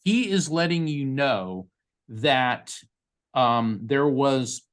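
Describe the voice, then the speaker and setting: A man working as a psychic medium, giving a live reading to a participant over a video call in a quick, conversational way, often restarting his sentences. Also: medium pitch, animated, clean tone. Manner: fast, restarting, conversational delivery.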